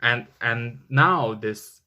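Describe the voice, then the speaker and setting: A man's voice: mid-range voice, drawn-out words, pushed and bright, lo-fi sound. Guy rambling through a tarot reading, lots of um and like, gets heated and swears. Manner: rambling, many fillers, flares into angry swearing. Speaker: tarot reader. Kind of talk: casual tarot reading vlog.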